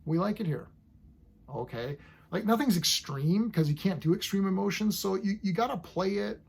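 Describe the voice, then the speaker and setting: A man's voice: high voice, moderate pace, vocal fry, a little mellow, breathy edge. A man casually reviewing a TV episode, rambling enthusiastically and acting out scenes as he goes.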